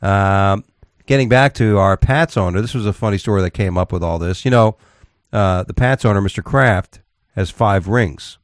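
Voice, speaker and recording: A man with a low voice co-hosts a radio talk show, reading out offbeat news and bantering with his partners. He rambles, restarts his sentences and talks tough. His voice is dry and close to the mic. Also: normal speed, no echo.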